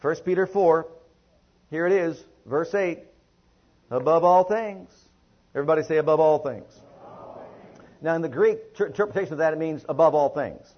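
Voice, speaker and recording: A man's voice: on the high side, moderate pace, pauses often. A man preaching a sermon to a congregation, leading call-and-response and stretching out emphatic phrases. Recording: muffled lo-fi sermon recording.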